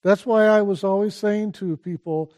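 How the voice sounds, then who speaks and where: A high-pitched older man, speaking as a teacher, delivers a calm and unhurried spiritual talk. He keeps urging his listeners to pay attention, again and again.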